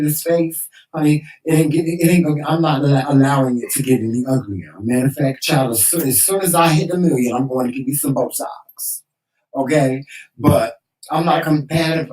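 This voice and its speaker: A man's voice: medium pitch, darkish tone. A man co-hosting a casual chat show, talking in a chatty, sassy and preachy way. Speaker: co-host. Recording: roomy, distant from the mic.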